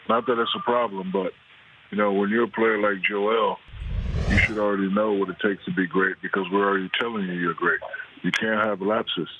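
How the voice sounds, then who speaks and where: A middle-aged man calling in from his home kitchen, talking in a laid-back way and repeating words while he finds his point. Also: fairly low pitch. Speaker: guest on phone. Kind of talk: casual chat. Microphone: phone. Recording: tinny phone line with faint noise.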